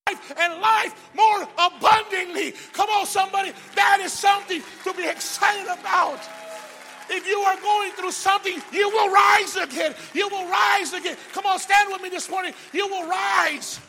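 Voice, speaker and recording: Preacher, male, very high and bright voice, call-and-response, shouts down to hushed prayer, soft music underneath. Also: fairly even intonation, moderate pace, some chatter behind. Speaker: pastor. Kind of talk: sermon.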